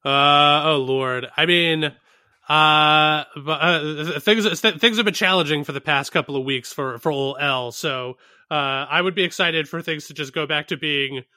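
A man's voice: on the high side, normal speed, pushed and bright. A man co-hosting a casual podcast, wry and profane, laughing often. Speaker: podcast co-host. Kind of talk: casual chat.

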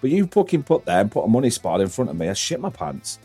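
Low-voiced rambling podcast host. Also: male voice, very animated, fast, dark tone, slightly rough, faint music behind. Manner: rambling, swears freely, laughs often. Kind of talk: casual podcast chat.

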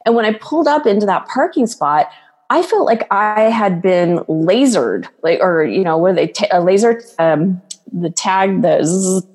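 A woman's voice: medium pitch, expressive, moderate pace, darkish tone, husky, in a large hall. A woman coach speaking as a guest in an interview, talking in an earnest, flowing way and acting out quoted voices. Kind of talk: casual interview talk.

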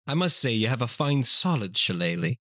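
A man's voice: medium pitch, big pitch swings, fairly quick, pushed and bright, dry recording, clean studio sound. A man voicing a cheeky, bawdy female leprechaun in a put-on Irish accent, in a comedic reading. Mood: sultry. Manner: playful brogue, laughs through lines.

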